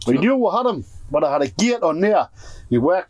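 This is a Geordie man from the North East of England, spinning a salty yarn among friends in a pigeon loft. His voice sits a touch high, and he swears constantly. He acts out every bit of dialogue in his tale with lively relish. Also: a little fast. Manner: profane, animated, acts out dialogue. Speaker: pigeon fancier. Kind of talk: casual storytelling among friends. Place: pigeon loft shed, indoors.

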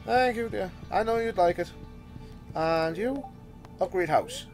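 A man's voice: sits high, lively intonation, a little slow, music in the background. A man giving casual gameplay commentary, exasperated and theatrical, grumbling and throwing mock insults.

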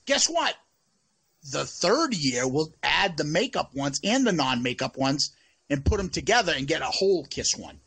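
A man's voice: a little high, very animated, moderate pace, fairly bright tone, slightly rough. A man co-hosting a casual podcast chat, swearing freely and laughing often. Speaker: podcast co-host.

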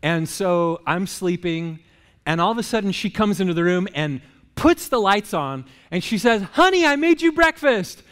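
High-voiced pastor in a reverberant hall. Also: male voice, normal speed, clear, resonant tone. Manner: casual, joking, asks the crowd rhetorical questions. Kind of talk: conversational sermon. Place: church sanctuary.

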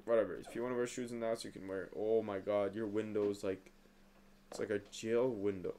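A young man hosting a reaction video, talking back to the screen with excitable outbursts and mumbled asides. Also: fairly low pitch, brisk. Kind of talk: casual reaction commentary.

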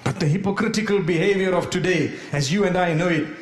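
High-voiced male preacher in an echoing hall. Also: quick pace. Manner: animated, humorous storytelling with rhetorical questions. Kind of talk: sermon.

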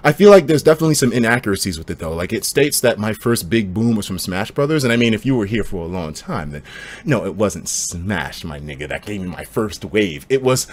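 A young man livestreaming and reading chat, slangy and profane, swinging between hyped outbursts and low mumbling. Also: very animated, fairly quick.

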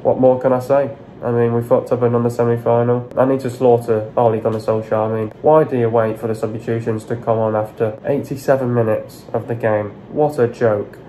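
A man rants through a football breakdown in a mellow, low-toned voice that barely rises or falls. He is blunt and sweary, hammering the same complaints again and again. A faint hiss sits under the recording. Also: flat delivery, brisk, hardly any pauses, low-quality recording. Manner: frustrated, repetitive, blunt and sweary. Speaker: football fan vlogger. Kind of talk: ranting match analysis vlog.

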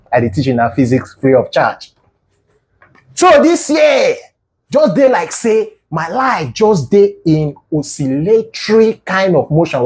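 A man with a Nigerian Pidgin English accent tells a comic story. He mock-lectures in a playful, animated way, and his voice sits a touch higher than most men's. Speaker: comedic video creator. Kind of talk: comedic storytelling monologue.

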